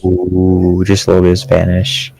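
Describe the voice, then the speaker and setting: A man with a Midland American accent chatting casually while gaming, relaxed and joking about himself. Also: deep voice, moderate pace, vocal fry, faint music behind. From Upland South of the US. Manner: relaxed, joking, self-deprecating.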